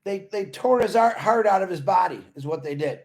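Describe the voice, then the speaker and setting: A man's voice: high-pitched, animated, fairly quick, a little mellow. A man giving a casual motivational talk to company members. He is earnest and rambling and repeats his points. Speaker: company supporter talking to members.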